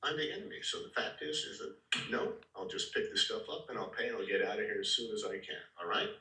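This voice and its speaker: A man teaching an acting class to a live audience, talking directly to the students and often clearing his throat. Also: on the low side, expressive, fast, sharp tone. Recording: roomy hall, far from the mic.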